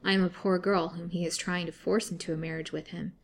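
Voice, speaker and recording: A woman voicing a gentle, earnest young woman held captive, in a storybook reading. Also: on the low side, level tone, brisk, creaky, slight background noise.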